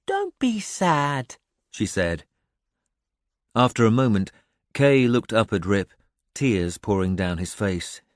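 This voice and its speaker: A male audiobook narrator with a fairly low voice, reading in an even, measured storytelling manner. The recording is close and dry, with no room sound. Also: dry recording. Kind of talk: scripted narration.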